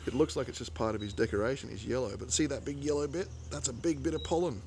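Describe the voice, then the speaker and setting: A man with an Australian accent, chattily narrating a casual nature vlog outdoors for his nephews, getting excited and hushing near animals. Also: medium pitch, fast talker, creaky, slight background noise. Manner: chatty and enthusiastic, drops to a hush near animals. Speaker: uncle filming a nature video for his nephews. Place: outdoors in a rural yard with bush and birds.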